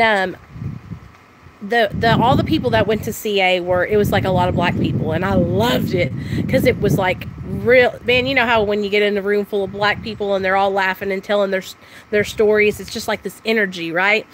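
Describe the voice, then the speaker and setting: A young woman chatting loudly and excitedly on a live stream about her recovery, talking straight to her viewers. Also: mid-range voice, heavy background noise. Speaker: recovery vlogger. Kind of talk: casual live-stream chat.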